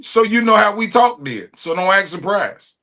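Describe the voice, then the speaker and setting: Blunt raspy man with a Chicago accent. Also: high voice, big pitch swings, moderate pace. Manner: blunt, forceful, peppers points with "okay?". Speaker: panelist. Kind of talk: heated panel debate.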